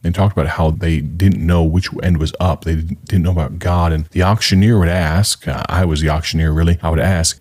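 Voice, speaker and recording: A man in his thirties or forties with a very low, deep voice, hosting a radio ministry program. He talks in an earnest, conversational way as an evangelist, setting up a story before a sermon. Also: fairly even intonation, a little fast, few pauses, a little mellow. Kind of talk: radio ministry broadcast introduction.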